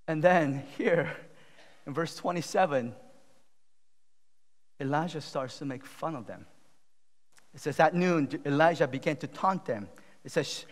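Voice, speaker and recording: Male pastor, slow sermon delivery, slightly high voice, long church reverb, shifts from loud emphasis to quiet pleading. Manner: swings from loud emphatic retelling to low, slow, quiet appeals. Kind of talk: sermon retelling a Bible story. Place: church sanctuary.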